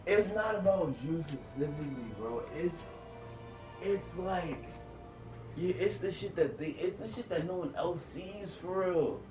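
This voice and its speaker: A man chatting casually while he games, telling animated stories, swearing freely and laughing often. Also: high-pitched, measured pace, distant mic. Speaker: gaming streamer. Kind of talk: casual rambling chat while gaming. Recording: echoey room, off-mic, with music playing.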